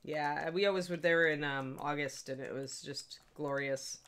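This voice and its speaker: A middle-aged woman with a notably low voice hosts a casual live-stream lesson. She talks in a chatty, upbeat way and greets her viewers by name as she works at her painting desk. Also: steady tone, a little slow, a bit bright. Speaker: miniature painting instructor, stream host.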